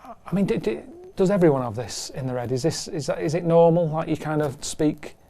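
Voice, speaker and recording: A man talking in a rambling, deadpan and self-deprecating way as an interviewee. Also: on the high side, fairly quick, gravelly. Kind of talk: rambling casual chat.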